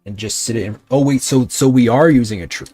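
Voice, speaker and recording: Over faint background music, a VTuber streamer speaks briskly in a medium-pitched, warm voice. He plays a modded game in a casual livestream, grumbling at it, talking back to chat, and swearing now and then.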